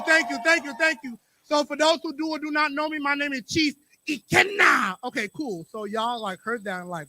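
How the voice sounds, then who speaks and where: A young man, the featured poet at an open mic, hyping the crowd loudly and then delivering a rhythmic, rapid spoken word poem. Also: very high voice.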